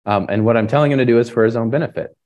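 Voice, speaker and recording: A man preaching a sermon in a relaxed, conversational way, often tagging on "right?" and pausing with fillers. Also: mid-range voice, muffled recording. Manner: halting restarts and fillers. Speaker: pastor.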